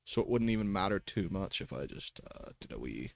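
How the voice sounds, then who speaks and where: A man's voice: on the low side, big pitch swings, a little fast, creaky, darkish tone, no room sound. A man livestreaming a game in casual commentary, chatty and talking to himself and his pets, swearing and laughing often at a desk microphone.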